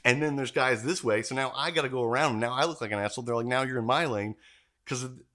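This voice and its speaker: A man's voice: medium pitch, fast. A man hosting a casual podcast chat, telling profane stories with lots of mimicking. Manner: profane, animated storytelling with mimicked voices. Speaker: podcast host.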